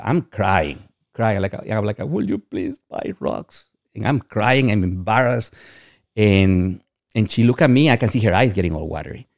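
A man's voice: lowish voice, a little mellow, no room sound, studio quality. A man from Guatemala, a podcast guest telling personal stories in a rambling way and often saying "you know what I mean". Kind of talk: candid personal storytelling.

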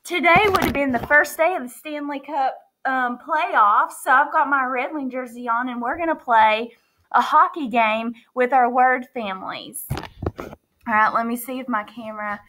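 A woman teacher giving a remote phonics lesson from home, speaking clearly and encouragingly to her students. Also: sits high, moderate pace, sharp tone, slight background noise, low-quality recording. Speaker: elementary school teacher.

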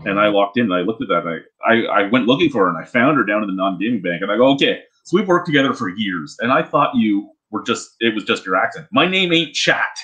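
A man's voice: lowish voice, animated, fast, hardly any pauses, a bit bright, rough recording. A man co-hosting a podcast, telling rambling stories with lots of swearing and restarts in casual chat. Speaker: podcast co-host.

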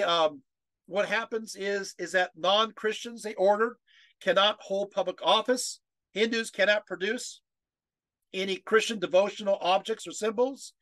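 Male lecturer on a video call, high-pitched, emotional, prone to restarts and rhetorical questions. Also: pushed and bright, no room sound. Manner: emotional, chokes up while reading quotes; many fillers and restarts, asks the audience rhetorical questions.

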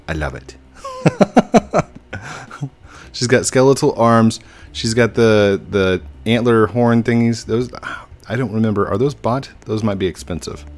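A young man giving chatty, playful gameplay commentary as a YouTuber, laughing often. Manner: playful, chatty, laughs often, squeaky put-on voices when quoting. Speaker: gaming YouTuber. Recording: faint game music behind.

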